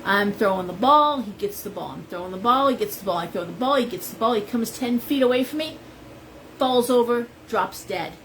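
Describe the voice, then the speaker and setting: A woman's voice: fairly high pitch, expressive, fairly quick, fairly bright tone, slight background noise, rough recording. Chatty woman telling stories on a live stream. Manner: chatty, rambling storyteller. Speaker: shop owner and tarot reader. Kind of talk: live-stream chat with viewers.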